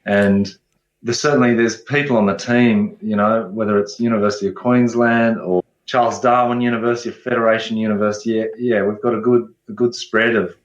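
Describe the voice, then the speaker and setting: Low-voiced man, echoey dull audio. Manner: relaxed, hesitant restarts. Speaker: guest ecologist. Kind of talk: casual interview answers.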